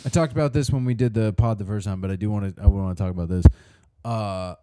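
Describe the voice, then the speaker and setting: A man's voice: lowish voice, quick pace, noisy background. Joking man on a comedy podcast. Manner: joking, laughing, ribbing. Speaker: podcast co-host. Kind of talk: casual comedy chat.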